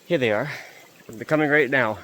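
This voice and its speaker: A young man records himself outdoors on a mountain trail with a handheld camera. He is out of breath and talks in an excited, chatty way. He often repeats words, and his voice sits in a middle pitch. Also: moderate pace. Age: young adult. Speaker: vlogger. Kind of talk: casual hiking vlog.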